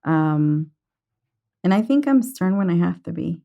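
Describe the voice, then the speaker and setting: A soft-spoken woman from Compton, California, talking as a podcast guest. Her somewhat low voice has a gravelly vocal fry, and she pauses often on fillers and laughs shyly. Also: expressive. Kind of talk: casual heartfelt interview.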